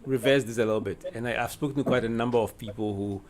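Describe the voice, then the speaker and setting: A man's voice: medium pitch, fairly even intonation, slight background noise. Ghanaian man chatting on a radio panel. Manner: conversational, quick to chime in. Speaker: radio co-host. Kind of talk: radio discussion. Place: radio studio.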